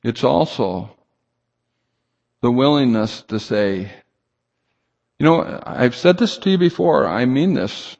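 A man's voice: medium pitch, expressive, takes it slowly, vocal fry, long pauses, a little mellow, highs cut off. A man preaching a sermon, emphatic and rhetorical, reading scripture aloud and asking the congregation questions. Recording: long hall reverb.

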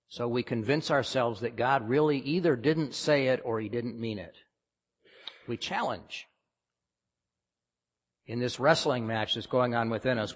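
Emphatic pastor in reverberant hall. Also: male voice, medium pitch. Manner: emphatic, questioning the congregation. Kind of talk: sermon.

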